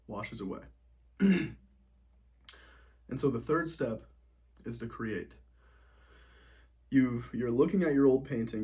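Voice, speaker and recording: A young man giving a calm self-help talk, soothing and gently coaching, repeating key phrases as he walks through simple steps. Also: medium pitch. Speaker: motivational speaker.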